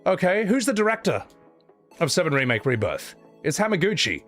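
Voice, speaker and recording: Animated, sarcastic man streaming. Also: high-pitched, fairly quick, soft background music. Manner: animated, sarcastic, swears, says "man" a lot. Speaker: streamer reading super chats. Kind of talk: casual live-stream chat.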